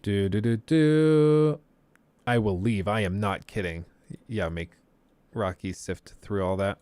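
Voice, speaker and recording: Taking it slowly, this American streamer talks things through in a casual livestream, frequently starting sentences over and saying "um." His voice sits on the low side with a darkish, clear, resonant tone. It is close and dry, with no echo or room sound.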